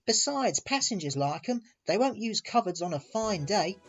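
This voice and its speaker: A man's voice: sits high, sing-song, moderate pace, soft background music, pitched above the performer's own voice. A man voicing an easygoing, folksy small male narrow-gauge engine in a storybook reading. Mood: chatty.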